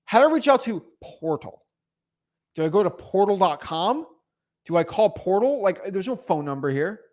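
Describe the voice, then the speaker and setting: A man's voice: high-pitched, sing-song, normal speed, darkish tone. A man hosting a coaching livestream, talking bluntly and teasingly, often stumbling and repeating words. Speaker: real estate wholesaling coach hosting a livestream. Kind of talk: unscripted livestream coaching talk.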